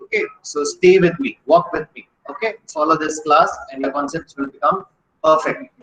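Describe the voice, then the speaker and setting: A male grammar teacher quizzing his class with rapid questions, switching between English, Malayalam and Hindi. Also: a little high, sing-song, vocal fry. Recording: echoey classroom.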